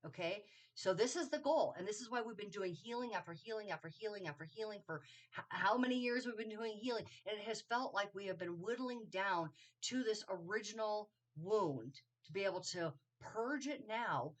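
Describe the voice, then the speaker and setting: A woman's voice: medium pitch, expressive, normal speed. A woman giving a casual spiritual astrology talk, rambling and correcting herself with lots of ums and okays. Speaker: astrology teacher. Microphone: solo video to camera.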